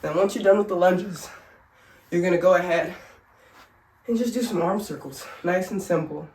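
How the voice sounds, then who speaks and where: A woman's voice: fairly low pitch, normal speed, a little mellow, slight background noise. A woman vlogging at home, showing simple workouts in a chatty, joking way while sick and short of breath. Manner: chatty, joking, laughs at herself. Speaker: family vlogger. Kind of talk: casual instructional vlog. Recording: echoey room.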